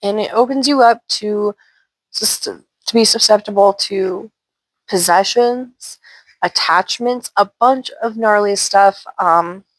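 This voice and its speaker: A woman's voice: medium pitch, takes it slowly, dry recording. A woman from Washington State, hosting her channel and casually telling paranormal stories with loose, chatty asides. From Washington State, USA. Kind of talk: casual storytelling.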